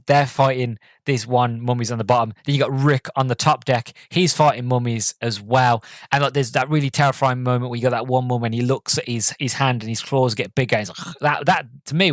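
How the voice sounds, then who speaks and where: A man's voice: mid-range voice, dry recording. A man hosting a podcast, giving a casual, rambling movie review with lots of filler words and plenty of enthusiasm. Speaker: podcast host.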